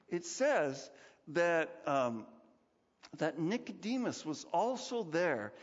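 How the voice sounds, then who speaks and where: A male pastor giving a conversational sermon, animated and lively, often acting out what people say. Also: a little high. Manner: animated, conversational, acts out quotes. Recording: dull recording, long hall reverb.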